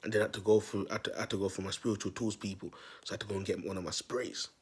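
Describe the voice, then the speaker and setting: A self-styled prophet vlogger rambles through a long story for his viewers in street slang, repeating himself and calling out to them as people. His lowish voice has a breathy edge, fairly even intonation, and a rapid-fire pace.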